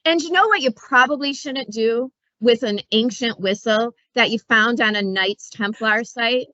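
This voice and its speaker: A woman's voice: a little high, a little slow, few pauses, pushed and bright, dry recording, highs cut off. A woman librarian chatting casually about books, telling stories in a playful way with asides. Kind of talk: casual book talk.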